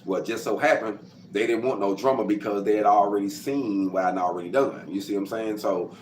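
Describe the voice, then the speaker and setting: A man tells his own story in a loose, conversational way. He performs the voices of other people and bursts into loud sound effects. The room is echoey, with a faint hum of noise behind him. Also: on the low side, a little fast. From Arkansas. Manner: animated, acts out quotes and sound effects, gets loud. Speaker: host telling his life story. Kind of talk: casual storytelling to camera. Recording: roomy with faint background noise.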